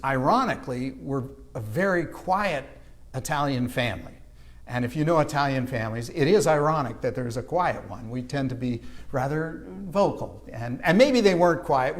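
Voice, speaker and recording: A man from Canada preaching a sermon, telling a childhood story and acting out the voices of people in it. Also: medium pitch. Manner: storytelling, animated with acted-out quotes. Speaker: pastor. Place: church sanctuary.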